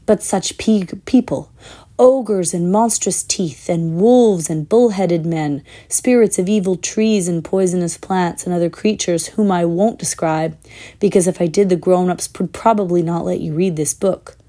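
A woman reading a children's fantasy book aloud in a measured, expressive way, with the odd slip. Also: lowish voice. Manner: measured, expressive, with small slips. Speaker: storyteller.

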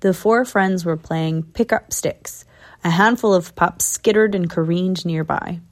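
A woman narrates a storybook aloud, her voice a little low and calm. She reads evenly, chapter by chapter. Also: a little slow.

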